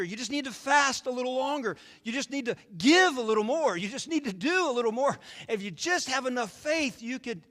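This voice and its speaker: Male pastor, high and bright voice, folksy sermon in a reverberant church hall. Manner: storytelling, folksy, rhetorical questions. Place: church sanctuary.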